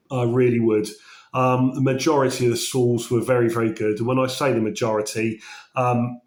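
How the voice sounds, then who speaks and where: A man from England chatting casually about records he collected, his voice slightly croaky after a cold, enthusiastic and often correcting himself mid-sentence. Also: medium pitch. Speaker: vinyl collecting vlogger. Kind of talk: casual chat. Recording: roomy echo.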